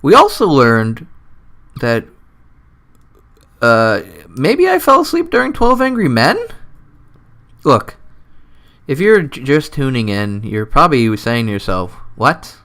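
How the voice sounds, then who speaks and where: A man hosting his own comedy show, rambling through a goofy, self-mocking monologue close to the mic, his voice jumping and dropping in pitch and loudness. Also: very animated, slow pace, long pauses. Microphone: close desk mic.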